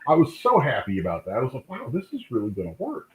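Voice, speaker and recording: A man, a comic book artist, telling lively anecdotes in a casual interview, acting out the voices of people in his stories. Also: mid-range voice, quick pace. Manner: animated anecdote-telling, acts out quoted voices. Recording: tinny call line in an echoey room.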